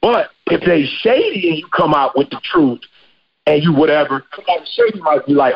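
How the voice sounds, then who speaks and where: A man's voice: a little high, sing-song, brisk, vocal fry, slightly rough, dull audio. A man hosting a podcast, talking casually and emphatically with slang. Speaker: podcast host.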